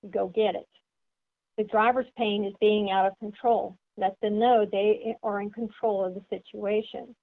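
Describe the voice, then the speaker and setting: A woman's voice: medium pitch, fairly even intonation, unhurried. A woman giving an instructional sales seminar, explaining step by step and putting questions to her listeners. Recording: tinny phone-like sound.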